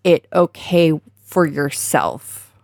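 Low-voiced woman, blunt and sympathetic. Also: lively intonation, takes it slowly, gravelly, a little mellow, no echo, studio quality. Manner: sympathetic, blunt, swears freely. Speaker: podcast co-host. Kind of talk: casual chat.

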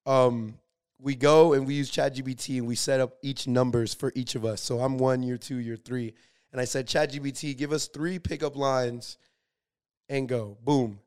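A man's voice: medium pitch, steady tone, normal speed, darkish tone, clean tone. A young man co-hosting a casual podcast, telling a story and acting out the quotes in funny voices. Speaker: podcast co-host.

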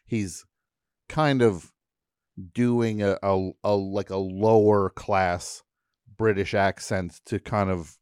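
A man with a lowish voice chats casually in a radio studio, telling a story with real animation. He keeps dropping into goofy impressions and mock accents for the bits. The mic is close and the sound is dry, with no room around it. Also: fairly even intonation, slow pace, darkish tone, smooth, no room sound. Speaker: radio show host. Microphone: studio microphone.

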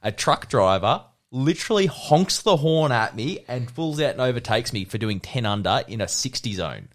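A young man who is a podcast guest, talking in a relaxed, reflective way during a casual chat. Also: mid-range voice, normal speed. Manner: relaxed, reflective, with sudden outbursts when retelling.

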